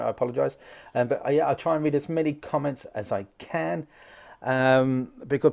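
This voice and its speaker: A man's voice: medium pitch, darkish tone. A man hosting a live psychic stream, greeting viewers by name and chatting casually between asides.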